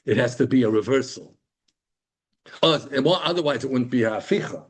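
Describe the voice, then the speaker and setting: A man's voice: mid-range voice, lively intonation, a little fast, husky. A man teaching a Torah class to a live group, asking rhetorical questions and answering them himself, with Hebrew terms woven into English.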